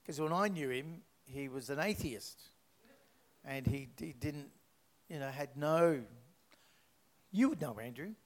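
A man's voice: fairly high pitch, animated, measured pace. A man leading a church prayer and telling a faith story, chatty and rambling with fillers and restarts. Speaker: church speaker.

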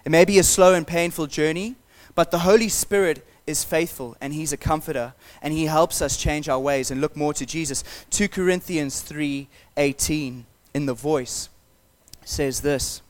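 Earnest preacher, slightly high voice. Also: male voice, normal speed. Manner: earnest, conversational, encouraging. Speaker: pastor. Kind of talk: sermon.

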